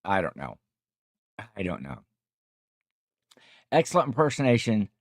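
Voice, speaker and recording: A man's voice: fairly low pitch, huge pitch swings, unhurried, no echo, studio quality. A tired middle-aged man hosting a casual livestream, chatting and reading viewer comments in a rambling, jokey way. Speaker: livestream host.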